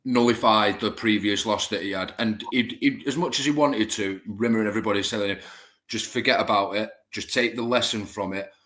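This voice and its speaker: Male co-host, lowish bright forceful voice, chatty and encouraging. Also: brisk. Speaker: podcast co-host. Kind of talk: casual interview.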